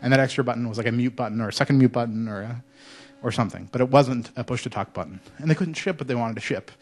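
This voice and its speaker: A man speaking at a conference before a student audience, relaxed and conversational. He tells anecdotes with a joking touch and now and then slips into playful put-on voices, his pitch sitting at an ordinary middle. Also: fast talker. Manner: casual, joking storyteller with mock French voices. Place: lecture hall.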